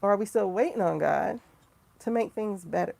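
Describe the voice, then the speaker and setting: A woman's voice: medium pitch, normal speed, gravelly, a little mellow. A woman hosting a spiritual livestream, telling a story in casual, candid talk, quoting herself and others with profane asides. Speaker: tarot livestream host.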